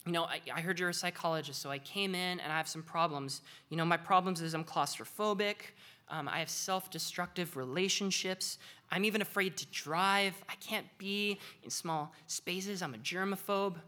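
A woman voicing an anxious female patient who rushes through a list of her fears in a bright voice. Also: on the low side. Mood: pleading.

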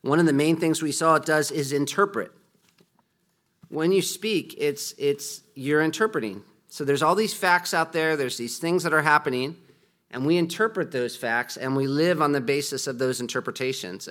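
A man's voice: medium pitch, sharp tone. A middle-aged man teaching as a pastor, talking through his points in a conversational way and acting out quoted speech. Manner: conversational, with frequent restarts and acted-out quotes. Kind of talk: sermon-style teaching.

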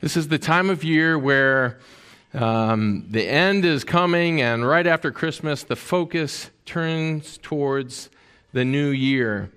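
A man's voice: fairly high pitch, slow, fairly bright tone, clear, resonant tone. A man preaching a sermon as a pastor, in a conversational way with many fillers.

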